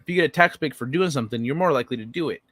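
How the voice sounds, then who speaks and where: A man in his own casual livestream voice, neither high nor low, riffing on chat messages with blunt, profane remarks. The sound is close and dry, with no room echo. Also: rapid-fire, fairly bright tone. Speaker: livestream host reading chat.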